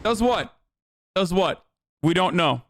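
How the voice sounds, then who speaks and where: A man's voice: high voice, animated, slow, a bit bright. A man hosting a live stream, talking casually, heated and incredulous, and swearing a lot. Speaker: streamer host.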